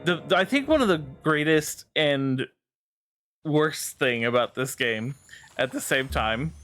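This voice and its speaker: A man's voice: fairly high pitch, lively intonation, measured pace, a bit bright, soft background music. A man streaming a video game, talking casually and explaining its mechanics with frequent fillers. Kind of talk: casual gameplay commentary.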